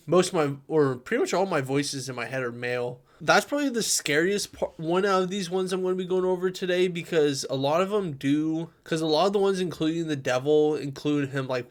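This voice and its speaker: A young man casually recounting personal experiences, rambling with many fillers and restarts. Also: mid-range voice. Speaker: streamer sharing personal experiences.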